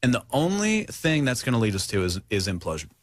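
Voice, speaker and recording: Animated young man ranting on a talk show. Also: fast, no echo, studio quality. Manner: rambling, mocking, mimics others in high voices. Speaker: show host.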